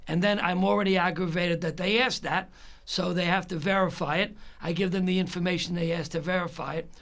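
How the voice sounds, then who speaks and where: Man, high gravelly voice, aggravated rant, plays both sides of a phone call. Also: fairly even intonation, brisk, a bit bright. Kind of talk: angry storytelling monologue.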